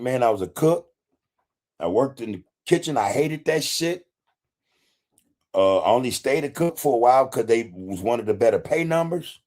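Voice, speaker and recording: Hosting a relaxed livestream, this man reads out chat comments, cursing freely and chuckling a lot. His mid-range voice is a little mellow, with lively intonation at normal speed.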